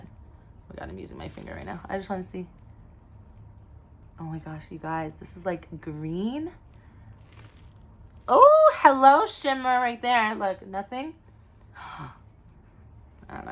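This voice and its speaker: A woman vlogging a makeup unboxing in a casual, gushing, excitable way, often gasping. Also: medium pitch. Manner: gushing, excitable, gasps and squeals. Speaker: mom vlogger.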